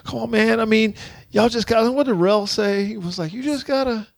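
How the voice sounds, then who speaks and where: A man's voice: high voice, a little fast, creaky, dry recording. A man co-hosting a podcast in casual chat, ranting with exasperated, profane outbursts. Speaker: podcast co-host.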